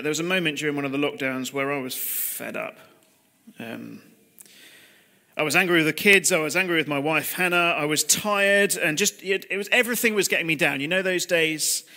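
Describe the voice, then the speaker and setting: A man's voice: a little high, sharp tone. A man in his thirties preaching a conversational, confessional sermon over a video call, with rhetorical questions to his listeners. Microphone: computer mic on a video call.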